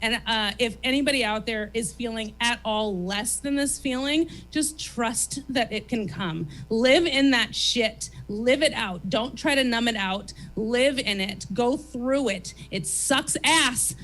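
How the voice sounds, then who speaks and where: Bright, high-voiced profane woman comedian. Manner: emphatic, profane, rapid-fire. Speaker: comedian guest. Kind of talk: candid confessional talk. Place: comedy theater stage.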